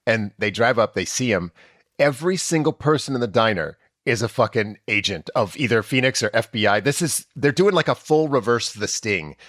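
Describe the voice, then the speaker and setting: A man's voice: mid-range voice, normal speed, dry recording, studio quality. A man on a comedy podcast, riffing sarcastically and swearing as he mocks a TV episode. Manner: animated, sarcastic, profane.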